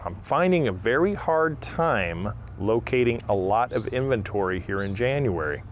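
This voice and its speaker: A man's voice: mid-range voice, lively intonation, moderate pace, slight background noise. A man hosting a landscaping vlog, chatting folksy and casual outdoors at a plant nursery. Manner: folksy, chatty, with frequent fillers. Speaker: landscaping channel host.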